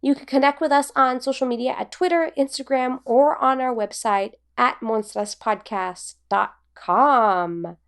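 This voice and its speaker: Giggly, rambling woman with a higher voice. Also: measured pace, vocal fry, hardly any pauses, clean tone. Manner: giggly, rambling, filler-heavy. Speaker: podcast co-host. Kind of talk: casual chat.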